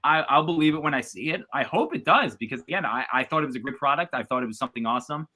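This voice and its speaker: A man's voice: mid-range voice, animated, racing, sharp tone. A man from the US East Coast, a guest chatting casually on a sports podcast, talking loosely with lots of fillers and restarts.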